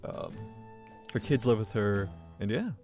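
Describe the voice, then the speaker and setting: A man's voice: lowish voice, lively intonation, measured pace, a little mellow, faint music behind. A young man co-hosting a podcast, telling playful, rambling stories full of fillers in casual chat. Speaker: podcast co-host.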